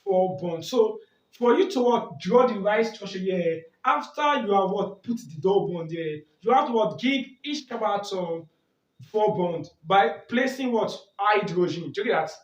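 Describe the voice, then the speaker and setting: A high-pitched man teaches a lesson, asking a question and answering it himself, then checking "do you get that?" He sounds far from the mic, in an echoey room, with a dull, muffled tone. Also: lively intonation, normal speed. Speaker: chemistry tutor. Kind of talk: exam-prep lesson at a board.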